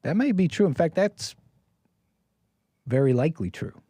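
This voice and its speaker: A man's voice: a little high, sing-song, normal speed, dark tone, no room sound, clean studio sound. An American man giving rambling, preachy solo commentary, often repeating his phrases. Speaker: streamer commentator.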